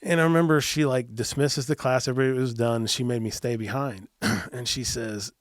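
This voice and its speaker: A man's voice: medium pitch, fairly even intonation, a little fast, hardly any pauses, no echo, clean studio sound. A man, a podcast guest, earnestly telling a personal story in a casual interview, often restarting and repeating words. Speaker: podcast guest, youth minister.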